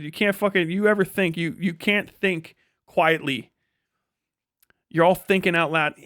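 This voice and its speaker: A man's voice: sits high, a bit bright, dry recording, clean studio sound. A man from Wisconsin, ranting bluntly and swearing as a live streamer. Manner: blunt, sweary, laughs mid-sentence. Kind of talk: casual profane rant reacting to a video.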